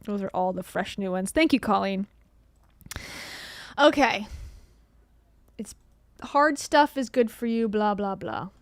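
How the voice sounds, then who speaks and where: A woman's voice: medium pitch, slow pace, long pauses, no echo. Chatty woman streamer, dry close sound. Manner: chatty, rambling, laughs often, sarcastic asides. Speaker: livestream commentary host. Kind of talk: casual livestream commentary.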